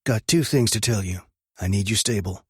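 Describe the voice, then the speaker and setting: A man voicing a calm adult male biker and former Marine in an audiobook, steady and businesslike. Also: lowish voice, normal speed, husky, no echo, clean studio sound, pitched above the performer's own voice. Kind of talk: audiobook character voice.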